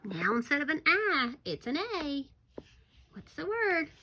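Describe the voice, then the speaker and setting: Slow and encouraging, a woman leads little children through a recorded phonics lesson, sometimes hushing to a whisper to create suspense. Her high voice has a sing-song lilt and a bright, forceful tone.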